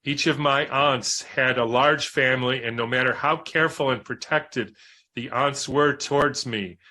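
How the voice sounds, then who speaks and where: Bright-voiced man reading aloud. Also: mid-range voice. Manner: measured, reflective. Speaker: reader and commentator. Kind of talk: reading a book aloud with spoken asides.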